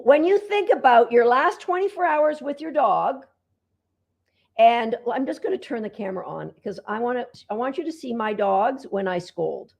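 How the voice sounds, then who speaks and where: A woman dog trainer giving an upbeat online lesson from home, talking to her dogs as she teaches. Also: on the high side.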